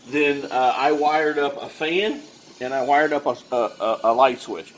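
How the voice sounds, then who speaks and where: This bird breeder, a man with a fairly high voice, walks through a casual how-to demonstration step by step, full of fillers and restarts. A faint hiss or hum sits under the recording.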